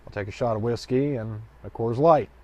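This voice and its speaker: A man voicing a cocky adult male bar patron in a told joke, delivering his lines deadpan. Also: mid-range voice, brisk, close to an everyday voice.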